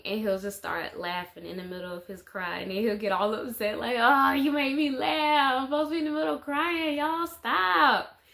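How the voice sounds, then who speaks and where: This is a woman, talking to camera in a relaxed life-update vlog. She rambles from one thought to the next, filling the gaps with fillers and small laughs. Her voice sits at a middle pitch. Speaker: mother and vlogger.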